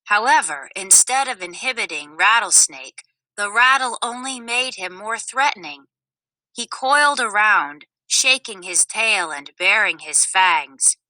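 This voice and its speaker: A woman reading a children's story aloud in a clear, expressive way. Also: mid-range voice, a little slow, no room sound, poor audio. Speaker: storybook narrator.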